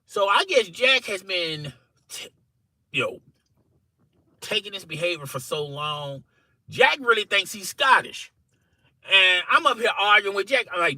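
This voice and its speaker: A man telling a funny workplace story to camera in an animated, conversational way, often checking in with "okay?" and "you know". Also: high voice, a little slow, long pauses, no room sound, rough recording. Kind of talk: casual story told to camera.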